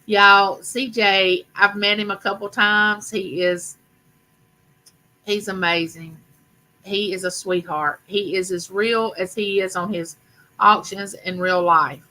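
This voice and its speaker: A woman's voice: mid-range voice, fairly even intonation, slow, bright, forceful tone, poor audio. Chatty older woman. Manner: chatty, affectionate, talks to viewers directly. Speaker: live stream host. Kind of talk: casual live chat.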